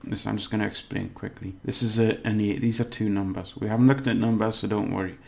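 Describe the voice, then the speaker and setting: A man giving a casual language lesson, explaining slowly and repeating words, with many fillers. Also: fairly low pitch, steady tone, creaky, a little mellow. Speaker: language teacher.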